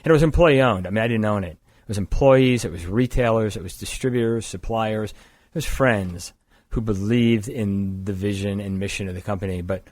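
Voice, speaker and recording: An older man with a low voice, a company founder appearing as a guest, tells his story in a conversational interview at a moderate pace. He rambles in a relaxed way and backs up to correct himself, recorded close to the mic in a dry, dead room with no echo.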